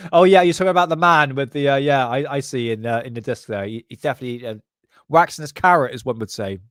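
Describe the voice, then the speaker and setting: A man's voice: medium pitch, brisk, long pauses, a bit bright, no echo. A man talking casually at his computer, cracking crude jokes and chuckling as he goes. His voice sits in an ordinary middle register and is recorded close and dry, with no room sound around it. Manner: crude, joking, laughs often. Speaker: channel host. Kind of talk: casual commentary on paranormal photos.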